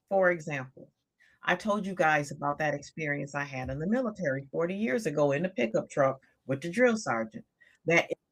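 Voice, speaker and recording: A woman in her sixties, a coach talking on a live stream, emphatic and repeating phrases for stress. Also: lowish voice.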